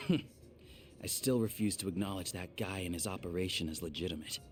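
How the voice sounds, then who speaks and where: A man voicing a gruff young man in a game, dry and grudging. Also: deep voice, moderate pace, faint music behind, natural voice.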